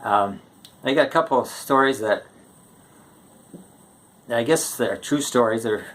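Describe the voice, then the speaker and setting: A man telling a string of short jokes in a casual, unhurried way, stretching the setups with pauses. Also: mid-range voice, a bit bright. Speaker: joke teller.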